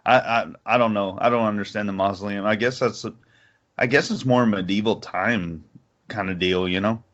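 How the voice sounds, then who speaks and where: A man's voice: fairly low pitch, fairly even intonation, normal speed, fairly bright tone. A man co-hosting a podcast in a casual chat, laughing easily and swearing offhand. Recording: dull lo-fi podcast audio.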